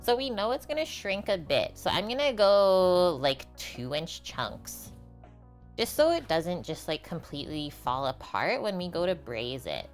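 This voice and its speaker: A young woman talks through her cooking on a livestream, answering chat as she goes. Her voice is a little low for a woman but swings lively up and down. Soft music and sizzling sit faintly behind her in a home kitchen. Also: unhurried. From half French. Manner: chatty, reads and answers chat while cooking.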